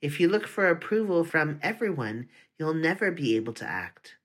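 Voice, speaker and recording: Earnest older woman teacher who urges a student on, in a storybook reading, read by the narrator; middle pitch, close to plain. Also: big pitch swings, normal speed, a bit bright, slightly rough. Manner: earnest, encouraging. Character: caring older female schoolteacher.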